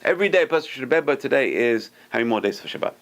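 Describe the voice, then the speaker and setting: A man, a rabbi teaching a Torah class to a live group, who tells stories in an animated way, acts out the quoted speech with sudden high lifts, and puts questions to the listeners. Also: rapid-fire, gravelly. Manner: talks to the room, asks listeners questions.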